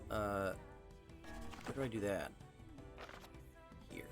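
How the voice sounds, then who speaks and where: A man's voice: fairly low pitch, gravelly, music in the background. A man streaming a video game, chatting casually and laughing at himself. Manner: animated, quick to laugh at himself. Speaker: streamer and voice actor. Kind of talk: casual gameplay chat.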